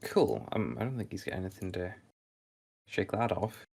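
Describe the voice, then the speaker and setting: Deep-voiced man running a tabletop game. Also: very animated, creaky, darkish tone, husky. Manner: halting, lots of fillers. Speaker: game master.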